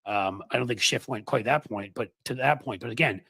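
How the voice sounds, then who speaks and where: A man's voice: mid-range voice, brisk, vocal fry, sharp tone, breathy edge. A man hosting a livestream of political commentary, sarcastic and mocking.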